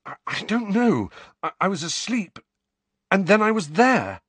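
A man's voice: sits high, very animated, unhurried, husky, no echo, pitched above the performer's own voice, heavily acted. A man voicing a frantic teenage boy wizard in pain, panting and urgent as he insists on what he saw. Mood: shaky, pleading.

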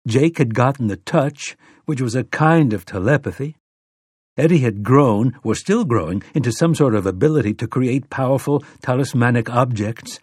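A man narrating an audiobook with steady, dramatic storytelling. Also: medium pitch, slightly rough, dry recording, clean studio sound. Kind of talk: scripted narration.

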